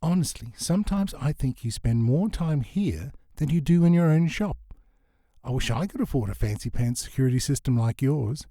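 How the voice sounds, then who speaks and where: A man's voice: mid-range voice, animated, normal speed, mellow, no room sound, close to an everyday voice. Dry, skeptical woman shop owner who hates mornings, voiced by a male reader; dry close sound. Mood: wry. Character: grumpy young woman who runs a shop.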